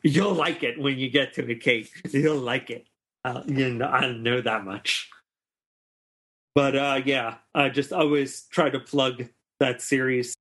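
A man hosts a casual podcast in an easygoing way. He pauses often and fills the gaps with hesitant sounds. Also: mid-range voice. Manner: relaxed, easygoing, hesitant fillers. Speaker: podcast host.

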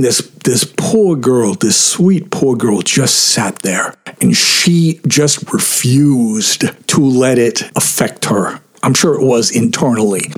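A man's voice: mid-range voice, breathy edge. An older man candidly telling a story in a conversational, storytime vlog style.

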